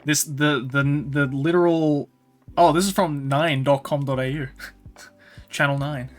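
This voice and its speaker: A man's voice: on the high side, steady tone, unhurried, faint music behind. A young man with an Australian accent, chatting casually as a stream host, rambling with fillers and restarts. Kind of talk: casual chat.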